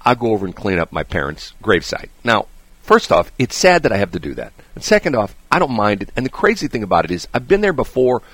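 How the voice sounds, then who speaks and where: A middle-aged man hosting a talk show, telling a long story in a casual, animated way, often restarting his sentences and checking in with "okay?". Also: fairly low pitch, quick pace, no room sound. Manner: rambling, animated, frequent restarts and "okay?" asides. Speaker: radio show host.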